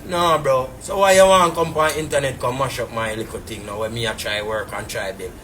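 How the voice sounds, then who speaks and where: A male businessman with a Jamaican patois accent rambles through his side of the story on a live stream, ranting casually and indignantly with repeated fillers. He speaks briskly at medium pitch, with fairly even intonation and a fairly bright tone, over a little hiss or hum.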